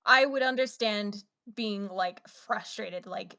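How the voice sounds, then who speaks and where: Woman co-hosting a podcast, thinking out loud, easygoing chat. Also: medium pitch, animated, unhurried, vocal fry. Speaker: podcast co-host. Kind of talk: casual chat.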